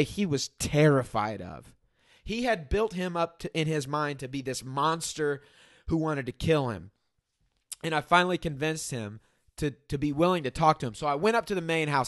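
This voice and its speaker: A man with a somewhat high voice tells a story in a casual podcast chat. He acts out the quotes bluntly and with energy. The sound is dry and close. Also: no room sound.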